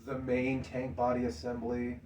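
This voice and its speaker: A man's voice: medium pitch, completely flat delivery, measured pace, warm tone, a little hiss or hum. A man co-hosting a casual game chat, rambling and joking, often laughing mid-sentence. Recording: echoey room, mic at a distance.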